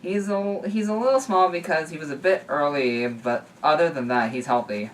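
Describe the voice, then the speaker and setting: A man's voice: on the high side, normal speed, a little hiss or hum, voice pushed up, lightly acted. A man reading out a caring female nurse in a raised voice, recorded from a distance. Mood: reassuring.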